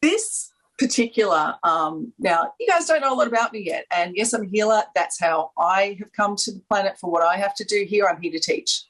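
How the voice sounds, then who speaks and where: A woman's voice: mid-range voice, expressive, brisk, a bit bright, rough recording. A woman with an Australian accent, chatting enthusiastically on a panel, rambling and laughing often. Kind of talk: casual chat.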